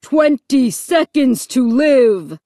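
A woman plays a gushing show emcee barking over a loudspeaker. She stretches every word out slowly and loudly, and the voice sits high. The sound is dry, with no room around it. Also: lively intonation, no echo. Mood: urgent announcing. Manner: loud, drawn-out announcing.

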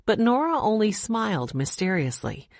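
A woman narrating a children's chapter book in a calm, steady reading voice. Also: mid-range voice, moderate pace, dry recording, studio quality. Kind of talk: audiobook narration.

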